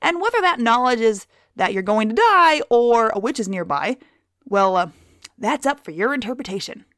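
A woman's voice: a little high, sing-song, normal speed, a bit bright, dry recording, studio quality. A woman and former zookeeper giving a crude, sarcastic comedic monologue.

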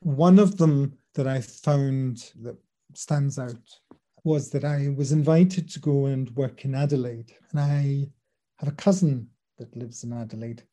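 A man talks through his experiences as a medium in a relaxed interview. His voice is deeply mellow and dark-toned, and his delivery is earnest and patient as he explains his ideas. He softens noticeably whenever he recounts what someone else said. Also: measured pace. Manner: earnest, explanatory, drops soft when quoting others. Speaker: spirit medium and teacher. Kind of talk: conversational interview storytelling.

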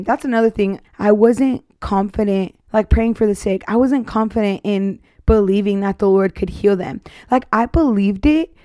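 A woman's voice: mid-range voice, normal speed, warm tone, no echo, clean studio sound. Earnest young woman sharing her faith. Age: 20s. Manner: earnest, heartfelt, rambling with many fillers. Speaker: podcast host. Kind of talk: casual faith testimony.

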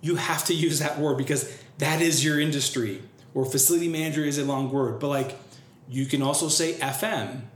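A man's voice: a little high, steady tone, normal speed. A man giving casual marketing advice, blunt and profane, acting out the people he quotes. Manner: blunt, swears freely, acts out quoted people. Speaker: marketing coach. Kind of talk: casual podcast advice talk. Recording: roomy with faint background noise.

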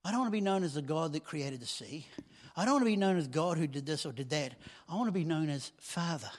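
Male preacher, slightly high voice, conversational sermon with loud swells, long hall echo. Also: lively intonation, quick pace.

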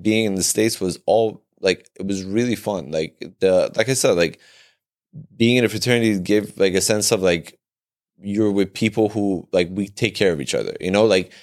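A young man with a very low, deep voice tells a personal story in casual podcast chat. He rambles, leans on "like" between phrases and swears freely. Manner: rambling, heavy on "like" fillers and swearing. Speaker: podcast co-host.

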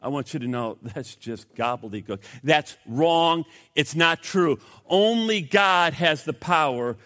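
A man preaching a sermon as pastor, swinging from loud emphasis to hushed, grave asides. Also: on the high side, lively intonation, a little slow. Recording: long reverb of a hall.

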